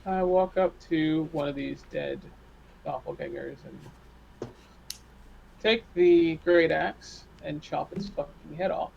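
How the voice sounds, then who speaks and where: Brash gravelly man, tabletop player, lo-fi mic with faint hiss. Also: a little high, big pitch swings, slow, a little mellow. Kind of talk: tabletop role-play.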